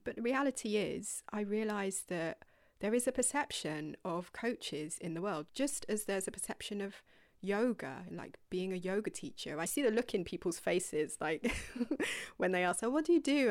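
A woman's voice: medium pitch, moderate pace, gravelly. A woman talking candidly in a casual podcast monologue, with a mid-range voice. She rambles and laughs often, and breaks off for self-deprecating apologies. The sound is dry and close, with no room echo. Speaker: yoga teacher and coach.

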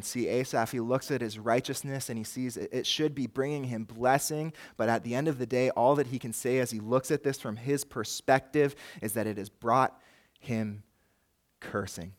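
A man's voice: medium pitch, fairly even intonation, normal speed. A man preaching a sermon as pastor, earnest and rising and falling in force, with a light joke now and then. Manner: jokes lightly with the congregation.

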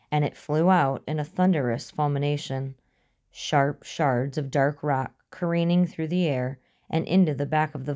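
A woman reads a thriller aloud in a measured, suspenseful narrating voice. Her tone is low and dark, smooth and mellow rather than bright, and she keeps an even, controlled delivery. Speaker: audiobook narrator. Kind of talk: scripted narration.

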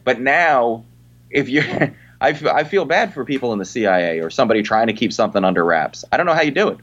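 A comedian in casual chat, talking in rambling sentences full of "you know". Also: male voice, mid-range voice, lively intonation, quick pace, fairly bright tone, highs cut off.

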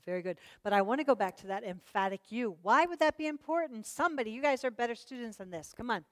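A woman teaches a Bible study, her fairly high voice lively as she presses the class with questions. The sound is dry and close, with no room around it. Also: fast talker, hardly any pauses, no room sound. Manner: animated, questions the class, prods them to answer.

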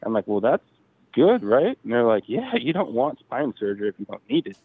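A man's voice: medium pitch, fast talker, husky, dry recording. A man in his thirties, a podcast guest, casually telling a personal story and acting out the dialogue. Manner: animated retelling, acting out quoted dialogue. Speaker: podcast guest, drag racer. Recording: tinny phone-line sound.

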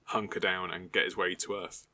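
Male podcast guest, lowish bright voice, rambling with fillers, dry close mic. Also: little pitch movement, moderate pace, no echo. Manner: rambling, hesitant, many fillers. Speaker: podcast co-host. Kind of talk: casual chat.

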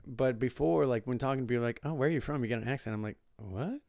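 A man's voice: medium pitch, rapid-fire, vocal fry, darkish tone, no echo, studio quality. A man from the American Midwest chatting casually, thinking aloud with many restarts. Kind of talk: casual chat.

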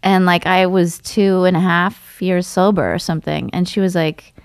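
Lady chatting candidly, lowish voice, says like a lot, dry close sound. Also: fairly even intonation, moderate pace, clean tone, no echo. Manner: chatty, lots of "like", frank. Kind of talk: casual conversation.

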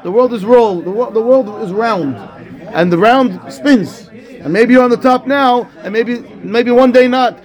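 A man teaching a Torah class as a rabbi, animated, acting out dialogue and reading Hebrew texts. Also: very high-pitched.

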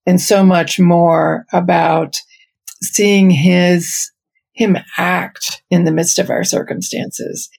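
A woman hosting a faith podcast, responding to her guest in an affirming, thoughtful and unhurried way. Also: fairly low pitch, creaky, darkish tone, husky. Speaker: podcast host. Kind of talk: casual faith podcast chat.

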